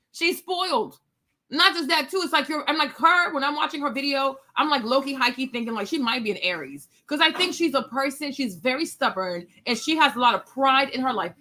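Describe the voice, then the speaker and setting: A woman in her thirties hosts a live stream and talks straight to her viewers. Her voice sits high and rings bright. She lays out blunt, firm opinions in casual chat.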